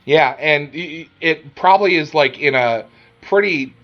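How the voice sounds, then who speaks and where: A man running a tabletop game as game master, narrating in an unhurried way and often chuckling. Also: on the high side, lo-fi sound.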